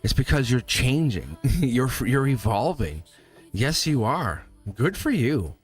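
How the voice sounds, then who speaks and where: Animated man reading tarot live. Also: mid-range voice, slow, slightly rough, faint music behind. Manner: animated, talks straight to viewers, laughs often. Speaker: tarot reader and live stream host.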